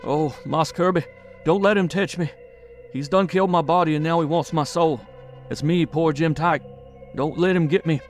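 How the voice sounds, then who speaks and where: A man's voice: on the high side, moderate pace, faint music behind, voice pushed up, natural voice. A man voicing a terrified, mortally wounded man who gibbers and sobs as he pleads for help. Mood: panicked pleading. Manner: gibbering, slobbering, yammering.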